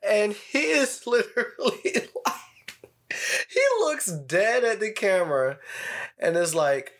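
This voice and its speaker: A man co-hosting a podcast who rambles through animated, profane stories. His pitch swings widely, rising and dropping as he laughs along. He talks in an easygoing, unscripted way. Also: slow pace. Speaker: podcast co-host. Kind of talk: casual chat.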